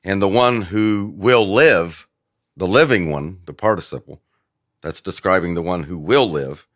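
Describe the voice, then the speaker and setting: A man with a notably low voice explains Greek grammar in a patient, conversational way, often pausing on "um." He is recorded close and dry. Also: no echo. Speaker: guest theologian. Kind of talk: casual explanatory discussion.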